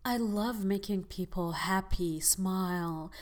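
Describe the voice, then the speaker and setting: A young woman hosts a podcast in a casual, chatty monologue. She talks straight to her listeners and fills her sentences with easy fillers, at a medium pitch for a woman. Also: takes it slowly, darkish tone. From United Arab Emirates. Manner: chatty, addresses listeners as guys, frequent fillers. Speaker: podcast host.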